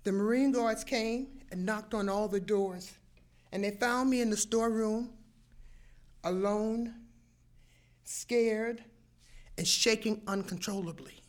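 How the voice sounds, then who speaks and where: An older woman telling a personal story, animated, acting out sounds and voices as she goes. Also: medium pitch, slow pace, pauses often.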